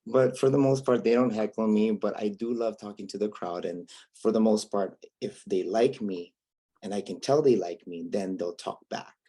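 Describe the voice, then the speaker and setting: A man's voice: fairly low pitch, moderate pace, warm tone, breathy edge. A man from Hawaii with a Hawaiian accent, chatting as a guest comedian in a laid-back, wry, self-mocking way. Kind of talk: casual interview chat.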